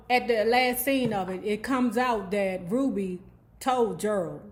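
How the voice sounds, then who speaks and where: A woman host giving a casual TV episode recap, animated and sassy, with lots of "okay?" asides, who acts out the characters' lines. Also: a little high, a little slow.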